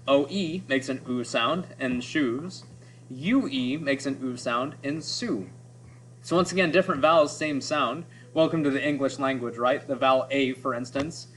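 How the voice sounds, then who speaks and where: A man's voice: medium pitch, normal speed, fairly bright tone. A man teaching a lesson on poetry, explaining and sounding out examples, often checking in with "right?". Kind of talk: classroom lecture on poetry.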